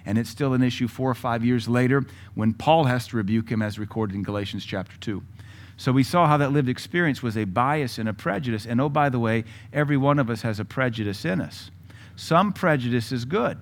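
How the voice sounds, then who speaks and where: A man preaching a sermon with a blunt, combative delivery, breaking into loud bursts and mocking asides. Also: medium pitch, a little fast. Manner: mocking mimicry of other voices. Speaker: pastor.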